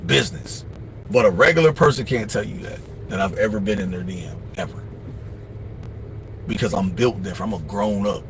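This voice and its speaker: A man hosting a livestream, giving casual life advice in a blunt, profane, preachy way, often mimicking other people in quick asides. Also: fairly low pitch, a little hiss or hum. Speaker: livestream host.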